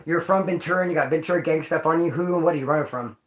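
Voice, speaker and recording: A man from Bakersfield, California telling rowdy stories in casual street slang to his viewers, cursing and sometimes yelling. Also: a little high, racing. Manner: profane, animated street slang, bursts of yelling. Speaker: vlogger. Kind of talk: casual storytelling to a live chat. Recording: echoey room.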